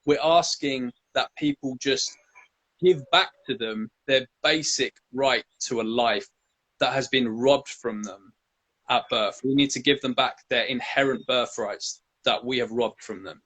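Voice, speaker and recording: A man delivers a forceful, declamatory appeal as an interview guest, speaking at a mid pitch. He repeats phrases for rhythm and presses each point hard. The sound comes over a live video call. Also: measured pace, low-quality recording. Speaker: vegan activist guest. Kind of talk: impassioned speech.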